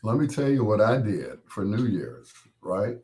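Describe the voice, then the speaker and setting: A man's voice: lowish voice, sing-song, measured pace, darkish tone. A middle-aged man, still getting his voice back after being sick, chats casually and jokingly with viewers on his live stream as host. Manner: rambling, joking, talks straight to viewers. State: recovering from losing his voice.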